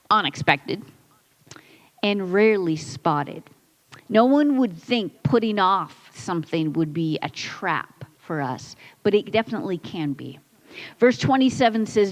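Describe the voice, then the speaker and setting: A woman's voice: mid-range voice, dull audio. A woman pastor preaching a conversational sermon in a church, building points through repetition and quoted asides. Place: church sanctuary.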